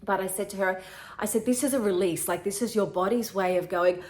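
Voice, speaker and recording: A woman's voice: mid-range voice, a little fast, a little mellow. A middle-aged woman hosting a podcast, telling an emotional personal story in an earnest way, often repeating herself. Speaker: podcast host.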